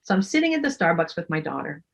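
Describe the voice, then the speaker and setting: A woman storyteller telling a personal story in an earnest way, growing animated when she quotes others. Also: lowish voice, fast, gravelly.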